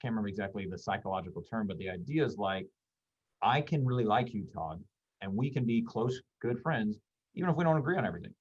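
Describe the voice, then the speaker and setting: A man's voice: fairly low pitch, lively intonation, fast, slightly rough. A man guesting on a talk show, speaking casually and thoughtfully with many fillers and restarts. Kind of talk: casual conversation on a video call. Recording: dull lo-fi call audio.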